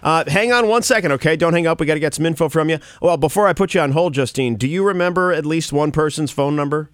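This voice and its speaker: A man's voice: on the high side, fast, no room sound, studio quality. A man hosting a morning radio show, joking with his co-host and callers, laughing often and stumbling over his wording. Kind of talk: casual morning radio banter. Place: radio studio. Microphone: studio microphone.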